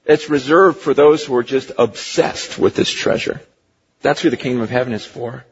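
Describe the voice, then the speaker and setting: A male pastor delivering an impassioned sermon, swinging from hushed to near-shouting, with a husky voice. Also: mid-range voice, moderate pace. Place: church sanctuary. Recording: lo-fi recording with long hall reverb.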